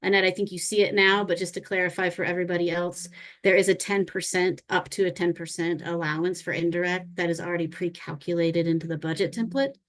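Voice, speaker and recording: A woman with a somewhat low voice reads submitted questions aloud and then answers them. She explains each point in a clear, orderly way. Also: fairly even intonation, quick pace, a bit bright. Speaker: co-presenter answering budget questions.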